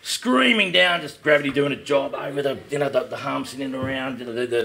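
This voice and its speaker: A man with an Australian accent, a talk show guest telling a comic story in an animated way and swearing casually. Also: mid-range voice, quick pace, vocal fry, hardly any pauses.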